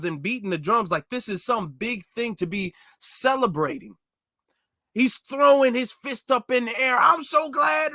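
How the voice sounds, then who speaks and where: A man hosting a commentary video, reacting critically and emphatically to a clip he pauses and mocks. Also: sits high, bright, forceful tone, no echo, studio quality.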